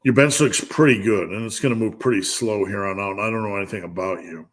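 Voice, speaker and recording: On a live stream, a middle-aged man talks fast in a voice on the low side. He works through viewers' questions like a coach, offering blunt, joking advice on lifting and often breaking off to restart.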